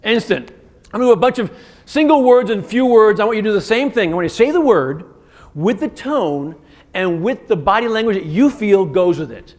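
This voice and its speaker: A man giving an interactive keynote as a communication coach, energetic and firing quick commands at the audience. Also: high-pitched. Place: conference stage in a large hotel venue.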